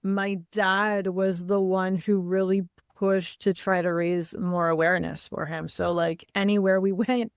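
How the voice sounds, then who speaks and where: A mother telling her family's story in an interview, candid and halting, with frequent fillers. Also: mid-range voice, flat delivery, clean tone, dry recording, studio quality. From Canada. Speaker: guest, mother.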